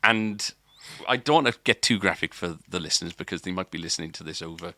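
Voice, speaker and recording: A man's voice: low voice, fast talker, bright, forceful tone, dry recording. A man, a podcast co-host, telling a long story in casual chat, rambling with restarts and filler words.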